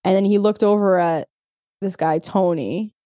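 Chatty, swearing woman with a mellow voice. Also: mid-range voice, moderate pace, dry recording, studio quality. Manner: chatty, swears freely, laughs often. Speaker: podcast co-host. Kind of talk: casual chat.

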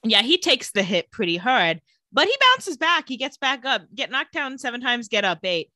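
A woman's voice: a little high, lively intonation, moderate pace, sharp tone, no room sound. A young woman co-hosting a podcast, chatting playfully as she recaps a TV episode. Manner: chatty, playful, laughs easily. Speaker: podcast co-host. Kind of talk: casual chat recapping a TV episode.

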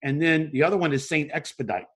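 Man telling stories easily, fairly high. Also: quick pace, husky. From New Orleans. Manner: relaxed storytelling, chuckles. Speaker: co-host. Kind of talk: casual radio talk.

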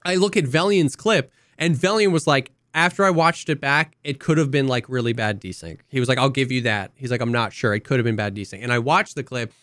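Barely pausing, a young podcast co-host rattles through a long gaming story at a fairly quick pace, putting on quoted voices and coughing occasionally. His mid-range voice has a fairly bright tone. The sound is dry and close, with no room around it.

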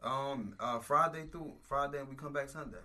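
A man's voice: medium pitch, moderate pace, pushed and bright. A young man hosting a casual podcast, laid-back and slangy, tossing in "yo" often. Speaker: podcast host.

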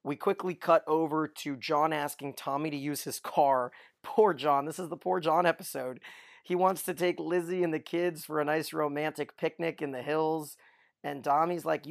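A man co-hosting a podcast, giving a casual, lively recap of a TV episode and chuckling often. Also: on the high side, normal speed, creaky, no echo, clean studio sound. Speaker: podcast co-host.

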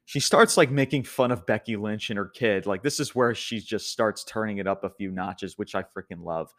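A man's voice: fairly low pitch, normal speed, fairly bright tone. A young man casually recapping a wrestling show as a podcast host, rambling with many restarts and frequent laughs.

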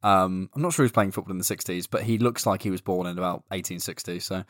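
A man co-hosting a football podcast, talking in a wry, teasing, measured way. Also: deep voice, fairly bright tone, dry recording, studio quality. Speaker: podcast co-host. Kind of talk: casual football chat.

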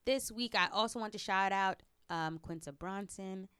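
A woman co-hosting a podcast in casual chat, chatty and quick to laugh. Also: mid-range voice, a bit bright, smooth, no room sound, studio quality. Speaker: podcast co-host.

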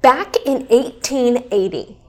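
A woman in her thirties hosting a casual chat, explaining history in a lively, chatty way. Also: a little high, takes it slowly. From Kansas City area. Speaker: weather show host.

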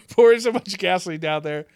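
A man's voice: high-pitched, moderate pace, a little mellow, smooth, no room sound, studio quality. A young man co-hosting a podcast in casual chat, laid-back and jokey, laughing often. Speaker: podcast co-host.

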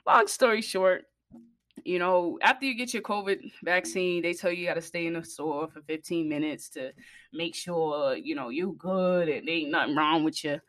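A woman with a lowish voice speaks to her viewers, recorded close and dry with no room sound. She tells the story casually and bluntly, swearing freely. When she gets worked up, her voice climbs and gets louder. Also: normal speed, no echo. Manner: blunt, profane and animated, rising in pitch and volume when heated. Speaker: vlogger.

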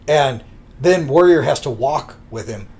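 A man's voice: medium pitch, lively intonation, unhurried, a little mellow. A man co-hosting a podcast who tells rambling anecdotes in casual chat and acts out the quotes. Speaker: podcast co-host.

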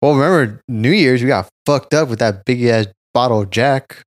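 A man's voice: mid-range voice, moderate pace, dry recording, studio quality. A man co-hosting a podcast, chatting casually and swearing freely as he acts out his stories. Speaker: podcast co-host. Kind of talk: casual chat.

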